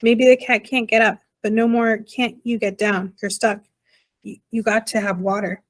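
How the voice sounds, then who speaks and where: A woman reading aloud, voicing a tired little father borrower who speaks flatly with rustic grammar. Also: a little high, moderate pace, lightly acted. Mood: weary.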